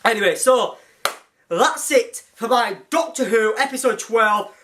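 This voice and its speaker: An excited fan reviewer recapping a TV episode, gushing and rambling, often restarting with "anyway". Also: mid-range voice, unhurried, slight background noise.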